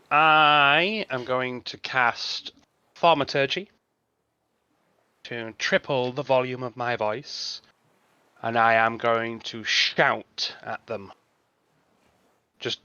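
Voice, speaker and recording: A man's voice: medium pitch, fairly even intonation, very slow, long pauses, bright, forceful tone, clear, resonant tone, no echo, highs cut off. A man playing a tabletop game, describing his moves and speaking his character's lines. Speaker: player. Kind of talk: tabletop game role-play.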